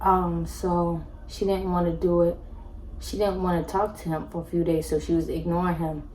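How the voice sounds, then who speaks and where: A young woman telling a personal story to her viewers in a casual, animated way, talking to them directly and acting out what others said. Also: moderate pace, slight background noise, poor audio. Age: young adult. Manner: animated, acts out quotes with jumps in pitch; addresses viewers directly as y'all. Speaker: storytime vlogger.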